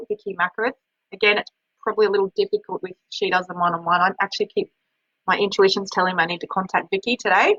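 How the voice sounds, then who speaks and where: Aussie woman chatting on a webinar, bright voice, rambly, kinda dull dry sound. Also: medium pitch, no room sound. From Australia. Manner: chatty, rambling with many restarts. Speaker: webinar host and healer. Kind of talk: casual webinar chat.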